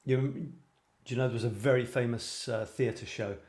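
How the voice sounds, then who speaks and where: A man's voice: medium pitch, fairly even intonation, moderate pace, darkish tone. A British man hosting a live creative writing show, reading viewers' writing aloud and chatting in a rambling, self-deprecating way. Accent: British English. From Britain. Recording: roomy echo.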